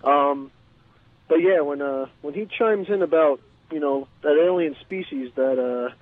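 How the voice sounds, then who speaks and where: A man's voice: fairly high pitch, dry recording. Mumbling man calling in from his car. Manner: mumbling, halting. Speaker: caller. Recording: tinny phone line with loud noise.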